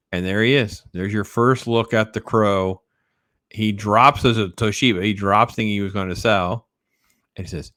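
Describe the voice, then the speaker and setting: A man's voice: fairly low pitch, fairly even intonation, normal speed, a bit bright, no echo, clean studio sound. A man chatting casually and enthusiastically about comic books, rambling with lots of fillers. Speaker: comic book collector. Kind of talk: casual video chat.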